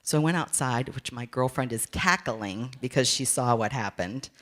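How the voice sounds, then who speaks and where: Lady speaker telling a funny story, lively and candid, acts out her own pep talks. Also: extremely low pitch, moderate pace. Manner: candid and playful. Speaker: motivational speaker. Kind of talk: storytelling talk.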